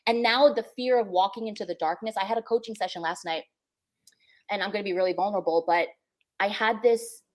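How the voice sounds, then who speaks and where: Speaking fairly quickly in a mid-range voice, a young woman shares emotional, heartfelt reflections as co-host of a spiritual podcast, repeating herself to stress her points.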